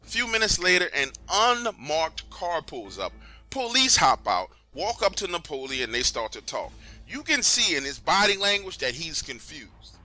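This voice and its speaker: A man narrating a true story in the first person, in a conversational, animated way. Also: fairly high pitch, moderate pace, faint music behind.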